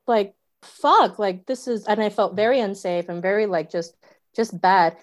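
A young woman, a stand-up comedian telling a story in casual chat, animated, full of fillers and swearing. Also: mid-range voice. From New York City.

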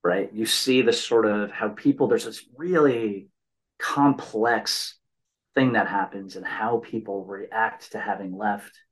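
An American man hosts a podcast, telling rambling stories in casual conversation and often tagging his points with "right?" His voice is fairly low and his pace slow. The recording quality is poor.

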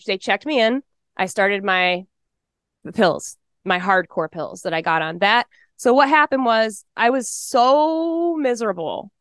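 A woman in her forties from Texas, telling her personal testimony in an interview, emotional and fast-talking. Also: fairly high pitch, a bit bright, smooth, no echo, clean studio sound.

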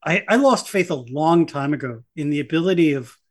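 A man's voice: a little high, lively intonation, a little fast. A man talking as a journalist guest on a podcast interview, wry and sardonic, laughing between points.

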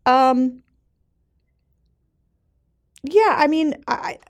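A woman co-hosting a podcast in casual political chat, animated and laughing often. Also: high voice, very slow. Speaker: podcast co-host.

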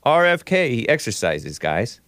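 Male call-in host, animated pitch, dry close sound, jokey and teasing. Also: unhurried, dry recording. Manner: laughing often, joking, teasing. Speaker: radio show host. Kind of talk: casual call-in talk.

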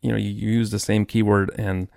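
A man's voice: fairly low pitch, flat delivery, brisk, creaky, a little mellow, no echo, clean studio sound. A man hosting his own podcast, ranting in a frustrated, rambling way with many restarts. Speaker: podcast host. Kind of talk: solo podcast rant.

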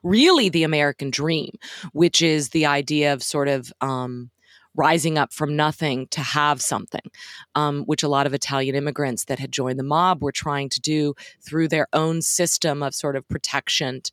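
A woman's voice: sits low, normal speed, dry recording, studio quality. A woman co-hosting a podcast, talking through a film in a thoughtful, analytical way, with some frank swearing. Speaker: podcast co-host. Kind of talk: casual film discussion.

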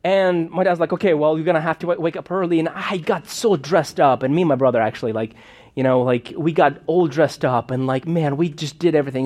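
A man who grew up in Moldova delivers a sermon as a personal story. He talks in a loose, chatty way, stopping and restarting often. His voice sits a little on the high side. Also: a little mellow. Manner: conversational, rambling with many fillers and restarts. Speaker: preacher.

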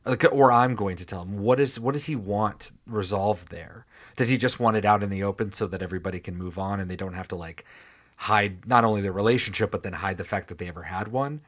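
A man's voice: fairly low pitch, brisk. A man co-hosting a podcast in casual chat, asking questions aloud and often trailing off before he restarts. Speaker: podcast co-host.

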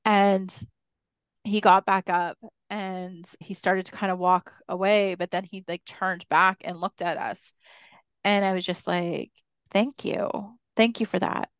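Podcast guest, woman, animated storyteller, clear resonant tone, dry close mic. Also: lowish voice, unhurried, no room sound. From Canada, Six Nations Mohawk community. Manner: animated storyteller acting out quoted dialogue, laughs often. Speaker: guest, Indigenous educator.

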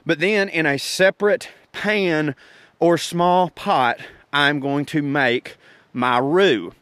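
A man's voice: fairly high pitch, slow, a bit bright, smooth, no echo. A man, hosting a podcast and talking through a recipe in a rambling, folksy, profane, joking way. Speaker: podcast host. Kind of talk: casual cooking talk.

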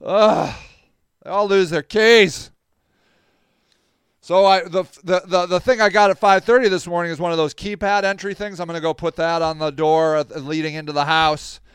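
A man with a high, smooth voice tells a story casually and with a lot of energy. He sounds exasperated, swears freely and laughs now and then. The sound is dry and close, with no room echo. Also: fairly even intonation, fairly quick, few pauses. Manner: laughs between lines. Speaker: podcast host.

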